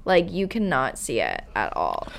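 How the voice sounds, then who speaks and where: A woman's voice: a bass voice, huge pitch swings, a little slow, vocal fry. A woman hosting a podcast, telling stories in casual chat and acting out other people's lines bluntly. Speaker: podcast host.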